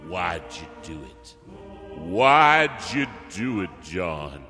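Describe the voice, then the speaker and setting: A man's voice: deep voice, sing-song, very slow, over music, voice pushed down, heavily acted. A man putting on a pompous, patriotic man solemnly taunting a ghost in a sing-song mock speech.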